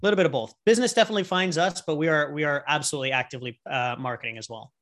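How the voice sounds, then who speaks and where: A man's voice: fairly high pitch, very fast. A man, a guest entrepreneur and coach, talking casually in an interview and acting out little scenes as he explains. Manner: animated storyteller who acts out little scenes.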